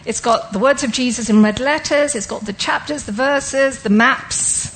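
A woman's voice: a little high, moderate pace, fairly bright tone, slight background noise, rough recording. A woman giving an interactive sermon, asking listeners questions and explaining ideas step by step. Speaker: Bible teacher.

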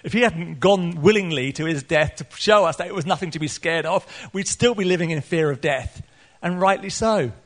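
A man preaching a sermon, earnest, laughing often, and rising to excited peaks. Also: fairly high pitch, normal speed, hardly any pauses. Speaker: pastor.

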